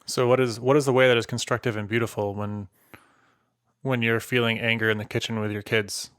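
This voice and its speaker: A man asking calm, probing questions as a podcast interviewer. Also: medium pitch, fairly quick, clean tone, no echo, clean studio sound.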